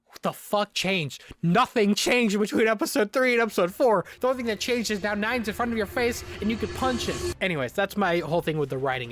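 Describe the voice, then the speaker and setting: A man giving casual review commentary, exasperated and ranting, swearing freely and often repeating and restarting his words. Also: high-pitched. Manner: animated, frequent restarts and repetitions. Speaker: video reviewer.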